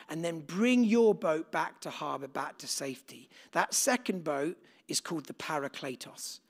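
A man's voice: fairly high pitch, creaky, fairly bright tone. A man preaching a sermon to a live congregation in a conversational way, putting questions to the room. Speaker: pastor. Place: church gathering with live congregation.

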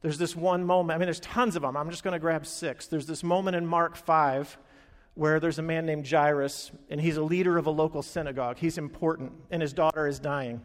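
A man's voice: on the high side, fairly even intonation, brisk. A man preaching a sermon, telling the story with animation and acting out the quoted lines. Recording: long hall reverb.

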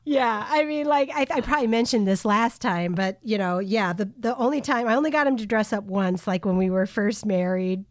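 A woman in her forties co-hosting a casual podcast chat, animated and quick to laugh, often trailing off and restarting her sentences. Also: medium pitch, no echo, clean studio sound. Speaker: podcast co-host.

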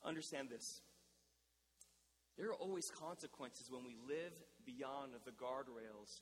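A young man preaching as a pastor in a casual, conversational style, shifting between animated emphasis and softer, intimate moments. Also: a little high. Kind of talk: sermon. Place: church hall. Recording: reverberant church hall.

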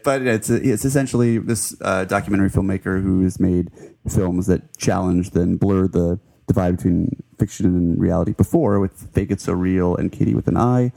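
A man's voice: deep voice, creaky, warm tone. A man co-hosting a film podcast, talking in a wordy, articulate way with hedges and restarts. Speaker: podcast co-host, film critic. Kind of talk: casual film review chat.

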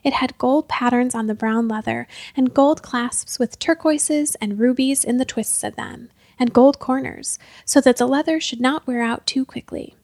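A woman reading a storybook aloud in gentle, measured narration. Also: sits high, steady tone, dry recording, clean studio sound.

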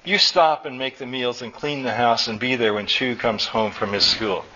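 A man's voice: mid-range voice, moderate pace, sharp tone, lightly acted. A man reading aloud and voicing a worried, exasperated wife and mother who asks demanding, doubtful questions. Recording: dull recording with faint room noise.

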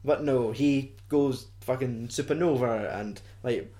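A man's voice: medium pitch, measured pace, dark tone. A young man with a Scottish accent chatting casually, mocking films with dry humour and frequent swearing. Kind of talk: casual chat.

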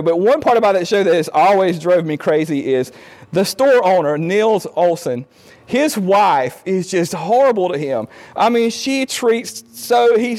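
High-voiced earnest middle-aged man. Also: darkish tone. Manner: earnest and conversational, acting out quoted lines to his spouse. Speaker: speaker on marriage. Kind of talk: informal talk on marriage advice.

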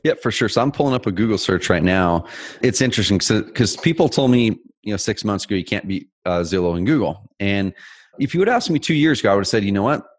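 A man co-hosting a casual business chat, telling stories with lively energy. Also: fairly low pitch, dry recording. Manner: energetic, fast, animated storytelling. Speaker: co-host.

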